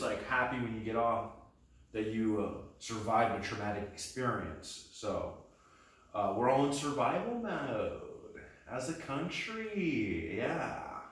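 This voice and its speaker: Meandering self-deprecating comedian, echoey room. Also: male voice, mid-range voice, a bit bright, recorded from a distance. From Texas. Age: 30s. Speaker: stand-up comedian. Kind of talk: rambling stand-up practice set.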